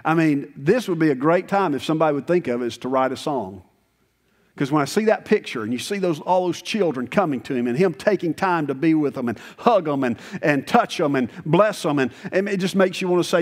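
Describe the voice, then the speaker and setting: A man in his sixties preaching a sermon as pastor, conversational and animated, with sudden high bursts of emphasis. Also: fairly quick. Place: church sanctuary. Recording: long church reverb.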